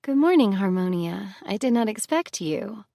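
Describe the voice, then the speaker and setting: A woman's voice: mid-range voice, moderate pace, no echo, clean studio sound, lightly acted. A woman voicing a young goddess heroine, earnest and direct.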